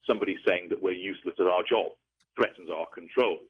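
A man explaining things in a measured, lecturing way during an interview, heard over a tinny phone-like line. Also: low-pitched, breathy edge. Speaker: interview guest.

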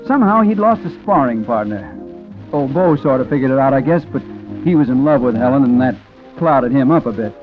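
An actor narrating a 1940s radio drama as a reflective man, quiet and rueful. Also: mid-range voice, expressive, brisk, lightly acted. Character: reflective man telling a sad story. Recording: tinny old radio recording with music.

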